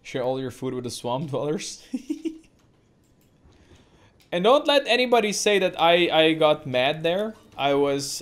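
A woman's voice: low voice, big pitch swings, unhurried, pauses often. A woman giving let's play commentary as a gameplay streamer, swearing constantly and ranting at the game.

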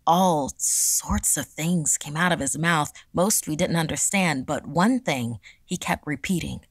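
Casting: woman storyteller for a horror podcast, gravelly low tone, dry close sound. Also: measured pace, no room sound. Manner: hushed, dramatic reading. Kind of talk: scripted horror narration.

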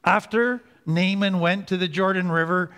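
A man's voice: high-pitched, fairly even intonation, fairly bright tone, smooth. Earnest man teaching in a hall. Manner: earnest, slows down for emphasis. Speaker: recovery speaker. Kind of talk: teaching talk. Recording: hall reverb.

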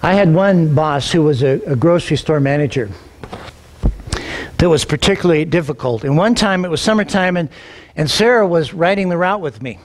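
A middle-aged man, a pastor, telling a personal story in a sermon, animated and acting out the dialogue, often repeating words as he gets going. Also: on the high side, brisk. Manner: animated, acts out quoted dialogue, repeats words when excited.

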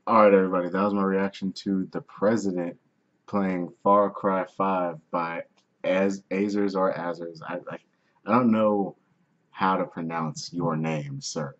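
A man's voice: deep voice, steady tone, measured pace, a bit bright, lo-fi sound. A man hosting a reaction video, wrapping up casually and stumbling over a name.

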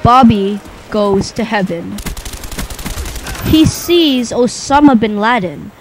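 A young man telling a rambling, improvised comic story in a deadpan way, pausing often. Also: sits high, a little hiss or hum, poor audio. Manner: rambling, deadpan, with long pauses.

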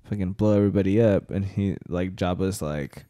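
A man's voice: low-pitched, fairly quick, noisy background. A man co-hosting a podcast, chatting casually and profanely in a rambling way, laughing often. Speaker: podcast co-host. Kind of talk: casual chat recapping movies.

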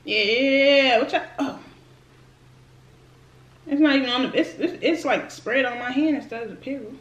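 High-voiced woman chatting through an eating show. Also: moderate pace, echoey room, muffled recording. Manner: chatty, slangy, talks to viewers while eating. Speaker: food vlogger. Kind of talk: casual eating-show chat.

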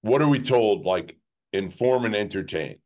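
A man's voice: lowish voice, lively intonation, moderate pace, darkish tone. A man co-hosting a sports podcast, talking casually in a rambling way full of "like" and restarts. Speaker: podcast co-host.

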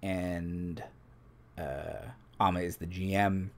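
A man's voice: sits low, little pitch movement, takes it slowly, long pauses. A man hosting a live stream, reading tabletop game rules aloud and adding casual asides to the chat. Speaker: game master and stream host.

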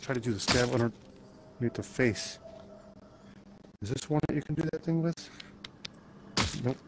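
A man's voice: mid-range voice, a little slow, very noisy. A man playing a zombie game, chatting playfully to himself and to the enemies as he goes. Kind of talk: let's play commentary.

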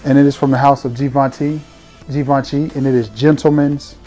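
A man's voice: mid-range voice, flat delivery, brisk, warm tone, soft background music. A man, chatting playfully and directly to viewers while reviewing his fragrances. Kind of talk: casual review vlog.

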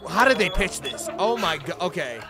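A man's voice: high-pitched, big pitch swings, normal speed, gravelly, music in the background. A man hosting a reaction video, giving incredulous, profane commentary and repeating his questions.

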